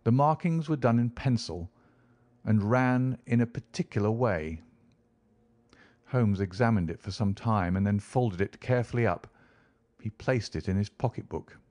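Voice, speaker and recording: A man reading an audiobook classic in measured, even scripted narration. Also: lowish voice, no echo.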